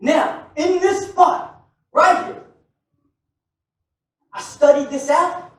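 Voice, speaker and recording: A male preacher delivering a lively sermon, joking with and calling out to his congregation. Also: very high-pitched, drawn-out words. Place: church sanctuary. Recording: very echoey church hall, mic far off.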